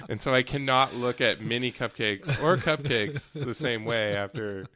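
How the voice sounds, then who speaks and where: A man hosting a podcast, talking casually in a hesitant, halting way with many ums and uhs. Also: medium pitch, sharp tone. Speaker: podcast host. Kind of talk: casual chat.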